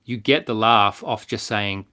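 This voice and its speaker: An Australian clown doctor and performer tells stories casually on a podcast, animated as he acts out the voices of the people in them. His voice is fairly low and his pace unhurried.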